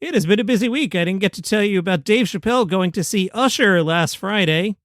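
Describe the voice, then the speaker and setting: A man hosting a daily comedy news show, reading a script in a steady announcer-like way. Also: high voice, brisk, noisy background. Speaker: news host.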